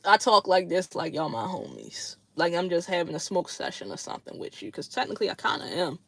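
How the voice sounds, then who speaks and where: A woman hosts a casual livestream chat with her viewers, her lowish, creaky voice very animated and brisk in a dry recording. She's blunt, slangy and profane, laughing often between remarks.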